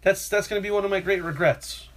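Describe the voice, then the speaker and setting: A man's voice: high voice, fairly even intonation, fast talker. Rambling New man telling stories. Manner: rambling storyteller, acts out quotes loudly. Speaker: podcast co-host. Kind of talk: casual chat.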